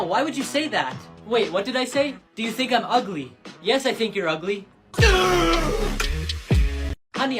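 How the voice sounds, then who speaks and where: A woman performing quick comedy skits, delivering deadpan punchlines. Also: a little high. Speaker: skit comedian.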